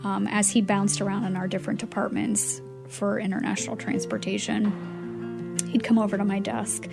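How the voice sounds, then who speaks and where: A woman with a slightly gravelly voice tells a story in an interview. She is animated and acts out what the other people said. Soft music plays faintly behind her. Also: mid-range voice, moderate pace. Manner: lively storyteller who acts out dialogue and laughs often. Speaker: charity fundraiser guest.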